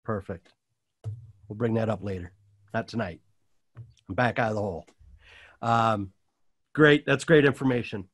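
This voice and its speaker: A man's voice: on the low side, normal speed, long pauses, no echo. Chatty man hosting a panel. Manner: chatty, self-deprecating, rambling questions. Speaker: host. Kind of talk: panel discussion host.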